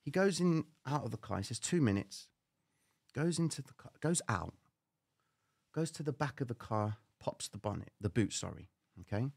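Animated, expressive male storyteller. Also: mid-range voice, moderate pace, creaky, husky, dry recording, studio quality. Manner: animated, dramatic storytelling with slang. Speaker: trading show host. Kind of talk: live-stream storytelling.

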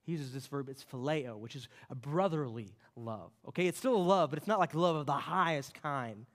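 A man preaching to his church in a fairly high voice. He talks casually, leaning on fillers. He swings from raised, excited passages down to soft, hushed asides. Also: moderate pace, long reverb tail. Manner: conversational, with many fillers like "like" and "okay". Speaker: pastor. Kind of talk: sermon.

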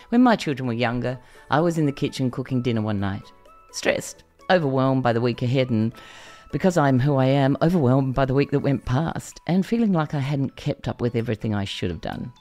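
On the parenting podcast she hosts, a middle-aged Australian woman performs a scripted monologue with expression and questions the listener directly. She has a warm, bass voice.

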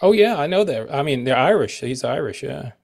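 A man's voice: mid-range voice, big pitch swings, fairly quick, vocal fry. A man hosting a casual interview, mostly giving brief replies and short questions. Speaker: interviewer host.

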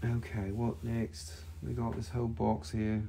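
Man, mid-pitch, fry-heavy, casual profane live-sales host, tired scratchy voice. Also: measured pace. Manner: chatty, profane, excitable salesman talk. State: voice getting scratchy from hours of talking. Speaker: host selling rocks and gems on a live stream.

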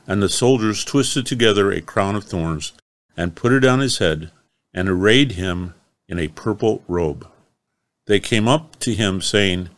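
A man reading a chapter of the Bible aloud, slow, measured and solemn. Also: lowish voice, dry recording. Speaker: scripture reader.

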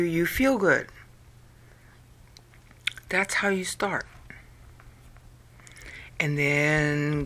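American woman explaining stuff real slow, lowish voice, counts things out loud. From United States. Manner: slow, deliberate, with drawn-out words and counting aloud. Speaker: video lecturer. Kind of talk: explanatory talk.

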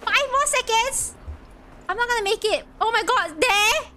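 High-voiced excitable woman streamer. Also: a little slow. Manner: excitable, frustrated outbursts and yelps. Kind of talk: casual gaming livestream. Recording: music clearly behind voice. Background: game music.

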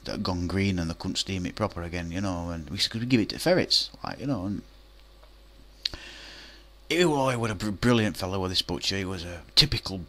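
A man spins a comic yarn in a rambling, colloquial way, full of "you know" and restarts. His voice sits a little low for a man, loose and conversational. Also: brisk, a bit bright. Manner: rambling, colloquial, with many fillers. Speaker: storyteller. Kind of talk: comic anecdote.

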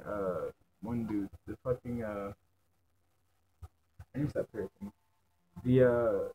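Low-voiced swearing young gamer man. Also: normal speed, pauses often, warm tone, a little hiss or hum, poor audio. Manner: profane, self-mocking, easily frustrated. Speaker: let's play gamer. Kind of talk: casual gameplay commentary.

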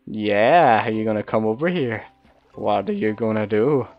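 Excitable man commentating a game. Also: lowish voice, moderate pace, muffled recording, faint music behind. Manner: excitable, chatty, shouts and gasps at danger. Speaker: gamer commentator. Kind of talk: gameplay commentary.

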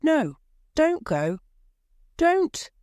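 A scared old husband barks short urgent commands, as a woman storyteller puts him on. His voice jumps in pitch, and the sound is dry and close. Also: sing-song, a little slow, darkish tone, no echo.

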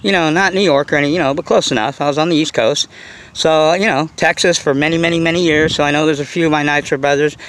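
A man's voice: a little high, fairly even intonation, fast talker, fairly bright tone, poor audio. Rambling man in a casual RC vlog. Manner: rambling, repeats himself, fillers like you know. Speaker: RC car vlogger.

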